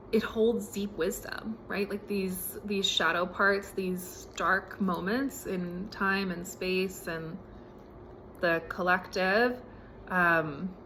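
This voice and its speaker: Woman podcast host, casual spiritual chat, gravelly voice, lots of fillers, recorded at home with faint background noise. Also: on the low side. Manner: relaxed, with many fillers like "um" and "right?".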